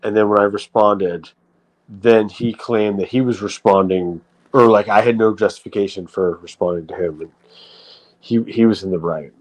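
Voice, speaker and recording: This male livestream host has a lowish voice and normal speaking speed, delivering a rambling, profane, casual rant with lots of restarts. The recording is rough.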